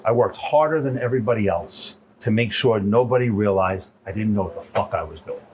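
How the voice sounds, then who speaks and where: Animated New chef telling stories. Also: male voice, lowish voice, a little fast, a little hiss or hum. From New York. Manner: animated, profane, repeats "right?". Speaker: chef guest. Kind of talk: casual storytelling interview.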